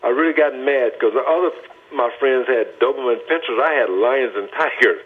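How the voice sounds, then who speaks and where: Over a phone line, an older Texan man gives his personal testimony as a guest, speaking earnestly, deliberately and with emphasis. His voice is medium-pitched and husky.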